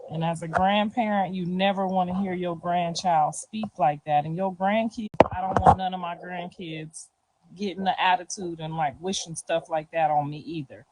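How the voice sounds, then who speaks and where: In a low-quality recording with slight background noise, a middle-aged woman with a fairly low voice chats through a casual street interview. She's slangy and loose, dropping "you feel me" often and letting out soft laughs.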